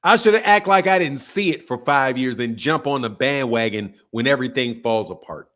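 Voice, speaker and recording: A man hosting a live boxing stream, trash-talking brashly, laughing often and swinging from loud outbursts to low mutters, with speech. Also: animated, moderate pace. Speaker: boxing channel host. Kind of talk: live stream commentary with viewer chat.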